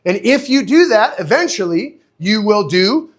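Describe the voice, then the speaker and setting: A man with a high-pitched voice teaches dog training live online. He talks in an animated, chatty way, keeps checking in with "okay?" and "right?", and answers viewers by name. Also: measured pace, few pauses. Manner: replies to viewers' comments by name.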